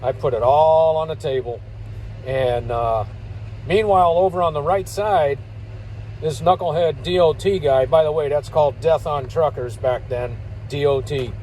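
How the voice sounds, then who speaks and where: A man's voice: fairly high pitch, moderate pace, a little mellow, a little hiss or hum, poor audio. An older man, a truck driver, telling stories in a rambling, folksy way and chuckling between remarks. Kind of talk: casual spoken storytelling.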